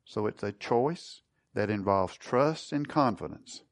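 A man's voice: on the low side, expressive, measured pace. A man preaching a sermon, teaching and putting questions to his congregation. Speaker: pastor.

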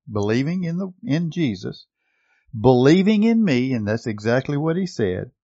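A man's voice: mid-range voice, a little mellow, no echo, dull audio. A man preaching a sermon, reading scripture aloud with rising emphasis and asking his listeners questions.

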